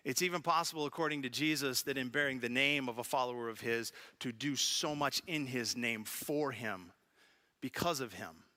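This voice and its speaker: Bright, animated male pastor preaching. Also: medium pitch, moderate pace. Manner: storytelling with humor, animated. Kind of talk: sermon. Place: church sanctuary.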